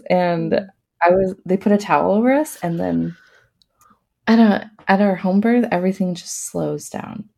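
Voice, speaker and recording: Gravelly, mellow-voiced woman telling her story. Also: on the low side, moderate pace. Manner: laughs often while talking; casual, many fillers. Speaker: podcast guest. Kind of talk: personal storytelling in an interview.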